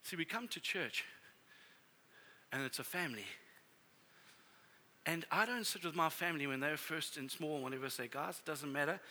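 A middle-aged man preaching a sermon as a pastor, telling family stories in a conversational, animated way. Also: on the high side, normal speed, pauses often.

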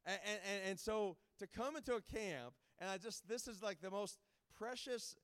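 A man's voice: high-pitched, normal speed, fairly bright tone. A man speaking as a guest evangelist, giving a jokey, rambling informal sermon to a camp with many restarts.

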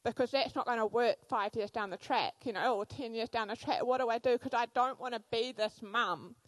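Thirties woman preaching, chatty animated stories, kinda high voice, dry close sound. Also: fairly quick, no room sound, low-quality recording. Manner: animated storytelling with fillers. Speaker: church speaker. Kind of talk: sermon with personal stories.

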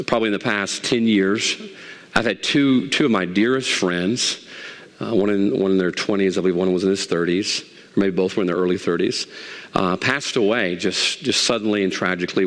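This animated sermon comes from a middle-aged man serving as pastor, whose voice rises to emphatic peaks and falls to soft side remarks. Long reverb from a hall surrounds the sound.

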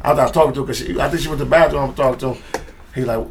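A man telling a story to friends in casual chat, animated and laughing, acting out quotes. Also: medium pitch, rapid-fire, creaky. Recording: noisy room recording.

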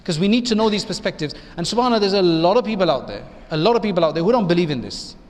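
A male imam with a high pitch talks through an Islamic lecture very quickly, animated and slightly dark in tone. He chats with his listeners conversationally, often turning to them with rhetorical questions, and the large hall adds a lengthy reverb.

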